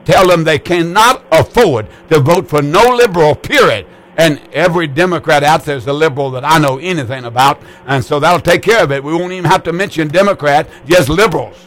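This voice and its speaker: Fervent preacher hosting call-in radio. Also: male voice, on the high side, brisk, few pauses, fairly bright tone. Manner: fervent, repetitive preacher's cadence. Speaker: radio host and pastor.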